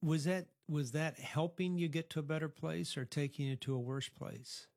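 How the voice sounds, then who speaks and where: A man's voice: a little high, moderate pace, a little mellow, no echo, studio quality. A middle-aged man interviewing a teenager at a youth program, asking probing, reflective questions. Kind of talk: counseling-style interview.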